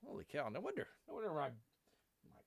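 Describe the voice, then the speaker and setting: A rambling male live-stream host with a lively, swooping delivery, drifting between jokes and asides. He refers to himself as Bear in the third person. His voice sounds worn from long talking. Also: a little high, moderate pace, gravelly, dry recording. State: voice wearing out.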